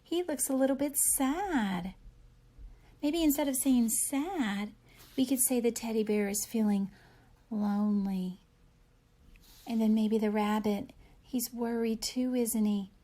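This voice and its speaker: Gentle teacher woman reading to kids. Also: a little high, takes it slowly, long pauses. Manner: gentle, animated storybook reading with questions to kids. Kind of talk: read-aloud reading lesson for young children.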